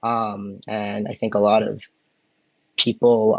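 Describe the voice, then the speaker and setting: A man's voice: lowish voice, little pitch movement, takes it slowly, vocal fry, long pauses, darkish tone, no echo, rough recording. A man co-hosting a podcast, explaining points in a casual chat and then demonstrating intonation by example, on a close mic. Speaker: podcast co-host.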